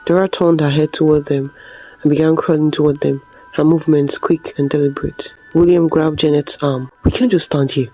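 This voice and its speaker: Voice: mid-range voice, flat delivery, a little fast, warm tone, faint music behind, low-quality recording. A storyteller narrating a scripted folktale in a dramatic, suspenseful way.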